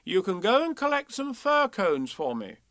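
A man voicing a gentle, motherly female kangaroo in a storybook reading. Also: high-pitched, huge pitch swings, moderate pace, no room sound, clean studio sound, pitched above the performer's own voice, exaggerated voice. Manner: soothing, motherly.

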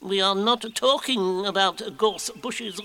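A man's voice: high voice, expressive, normal speed, pushed and bright, voice pushed up, full character voice. A man voicing a pompous know-it-all old owl who lectures the others in a superior way, in a storybook reading. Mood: cross.

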